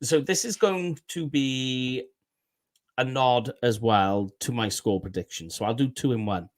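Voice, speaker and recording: A man co-hosting a sports podcast in easygoing casual chat, agreeable and a little halting. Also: mid-range voice. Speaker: podcast co-host.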